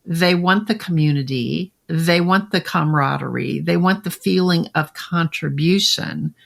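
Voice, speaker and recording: A middle-aged woman hosts a conversational interview, setting up long questions and affirming her guest with frequent murmurs. Her voice is lower than usual and carries some vocal fry. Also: measured pace. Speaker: podcast host.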